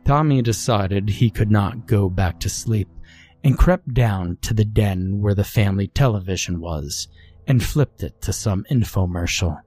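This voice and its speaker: A man narrating a scripted horror story in a slow, measured, brooding way. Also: fairly low pitch, mellow, soft background music.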